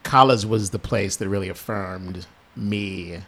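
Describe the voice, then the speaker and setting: A man talking in a casual conversation, measured and reflective. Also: deep voice, pushed and bright, slight background noise. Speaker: conversation partner.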